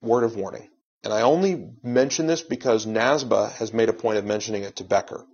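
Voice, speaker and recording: Husky-voiced male instructor, lo-fi audio. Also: lowish voice, brisk, darkish tone. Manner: conversational, advisory, with frequent uh fillers. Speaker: exam prep instructor. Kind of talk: lecture with slides. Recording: dull lo-fi audio.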